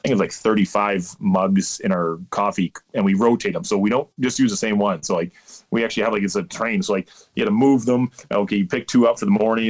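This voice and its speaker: A man in his thirties from Canada, a guest umpire chatting casually and telling rambling, animated stories. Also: fairly low pitch. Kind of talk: casual interview chat.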